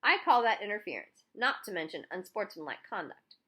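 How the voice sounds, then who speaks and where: A woman voicing a stern male baseball umpire who scolds loudly. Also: mid-range voice, big pitch swings, fairly quick.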